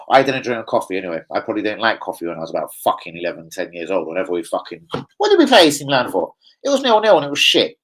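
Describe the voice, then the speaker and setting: A young man hosting a casual football fan livestream, rambling, swearing freely and reading out chat shout-outs. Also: mid-range voice, rough recording.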